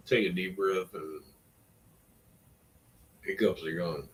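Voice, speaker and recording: A man's voice: sits low, slow, long pauses, slight background noise, low-quality recording. A middle-aged man rambling in a casual vlog, wry and self-deprecating, trailing off between thoughts. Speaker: vlogger.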